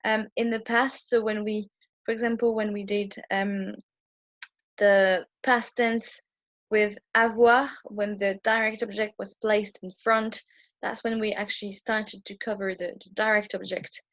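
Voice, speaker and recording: A woman's voice: mid-range voice, level tone, a little slow, a bit bright, no echo, muffled recording. A woman teaching a French grammar lesson at a whiteboard, explaining patiently with frequent ums and restarts. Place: indoor room with a whiteboard.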